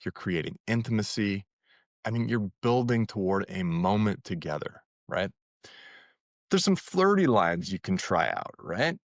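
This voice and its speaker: Male podcast host, dating coach, low and animated, chatty and persuasive, dry studio sound. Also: normal speed, dry recording. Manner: hypes listeners, asks "right?" constantly; acts out sample lines in a livelier voice. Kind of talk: casual coaching monologue.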